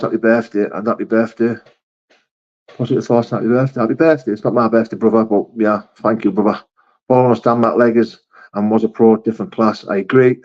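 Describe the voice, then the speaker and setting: A man's voice: on the low side, darkish tone, muffled recording. A man hosting a live chat, reading viewer messages aloud and answering them bluntly, calling people mate and brother. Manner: blunt and matter-of-fact, with frequent swearing and "mate", "brother". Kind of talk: casual live-chat talk.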